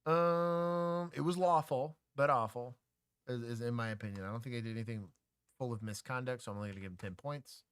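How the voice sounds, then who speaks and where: A man's voice: medium pitch, fairly quick, fairly bright tone, smooth, no echo. A man co-hosting a livestream, a former police officer giving opinionated commentary and explaining use-of-force law.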